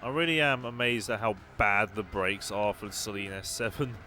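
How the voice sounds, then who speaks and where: A man's voice: on the low side, moderate pace, bright, forceful tone, slight background noise. A young man muttering wry asides while commentating a racing game. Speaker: gaming channel host. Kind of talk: let's play commentary.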